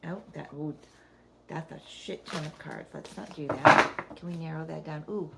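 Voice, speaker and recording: A woman's voice: deep voice, fairly even intonation, normal speed, creaky, very noisy. A middle-aged woman giving a casual spiritual card reading, rambling and thinking aloud, often breaking into laughter. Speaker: oracle card reader.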